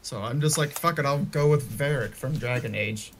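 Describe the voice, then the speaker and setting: A man's voice: medium pitch, moderate pace, a little hiss or hum. A man playing in a tabletop game, talking in a casual, rambling way with a sore voice.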